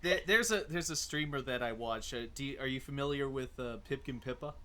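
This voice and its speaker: A relaxed host chatting casually with a guest and laughing along. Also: mid-range voice, fairly quick. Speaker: interviewer, host. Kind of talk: casual chat. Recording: faint background noise.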